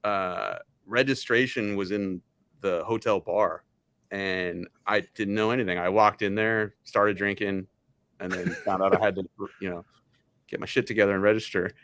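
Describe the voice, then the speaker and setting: A man who is the guest, telling animated stories in casual chat and laughing at himself often. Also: fairly low pitch, moderate pace, no echo.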